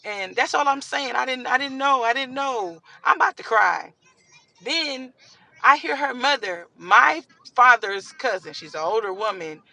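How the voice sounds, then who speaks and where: Animated storyteller with a gravelly, bright voice. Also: medium pitch, a little slow, rough recording. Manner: animated, acts out dialogue, rises to near shouts. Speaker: storytime vlogger. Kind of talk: casual storytime.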